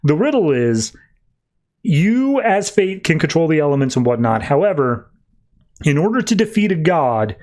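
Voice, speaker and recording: A man's voice: fairly high pitch, sing-song, moderate pace, darkish tone. A man voicing a laid-back, chatty ancient male Sphinx who talks in a flippant way.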